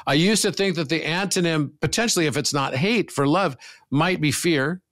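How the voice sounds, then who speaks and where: A man with a fairly high voice speaks as a guest on a talk podcast. His delivery is earnest and emphatic, and he lets a casual swear word slip now and then. The tone stays reflective and conversational. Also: moderate pace, fairly bright tone.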